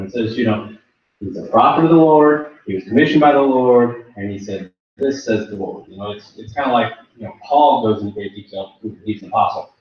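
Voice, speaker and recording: A man in a Bible class speaks up from well away from the microphone, thinking aloud in loose, halting phrases. His voice sits at an ordinary pitch. The room is very echoey and the sound is dull. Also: slight background noise. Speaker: class member. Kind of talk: classroom discussion comment. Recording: distant, echoey lo-fi room recording.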